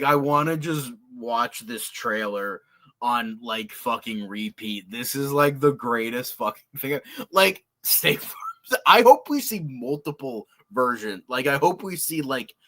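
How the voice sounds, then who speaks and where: Hyped guy reacting to stuff, super bright voice, swears constantly, pitch bouncing all over. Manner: excitable, swears a lot, lots of filler words and laughs. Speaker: podcast host. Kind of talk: casual reaction commentary.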